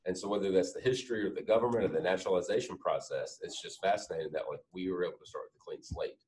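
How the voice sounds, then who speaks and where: Deep-voiced man, slightly off-mic. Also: very fast, darkish tone, far from the mic, slight background noise, poor audio. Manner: explanatory, thinks aloud with fillers. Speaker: podcast co-host. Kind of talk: casual chat.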